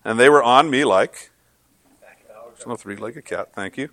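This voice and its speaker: Chatty pastor with a dry, close sound. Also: male voice, medium pitch, unhurried, fairly bright tone, dry recording. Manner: conversational, self-deprecating storytelling with many restarts. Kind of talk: sermon.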